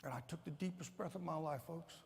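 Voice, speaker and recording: A man giving a sermon testimony in a church, telling the story with emotion and swinging from loud to hushed. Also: on the high side, fast talker, gravelly, a little hiss or hum. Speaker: guest speaker at a church. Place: church sanctuary. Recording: long reverb of a large hall.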